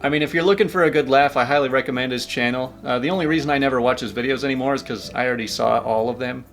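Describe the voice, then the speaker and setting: A man's voice: medium pitch, racing, a bit bright. A man reads online stories aloud and comments on them. His delivery is dry and casual, with offhand asides. Faint music plays underneath. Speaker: YouTube story reader. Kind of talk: reading online posts with commentary.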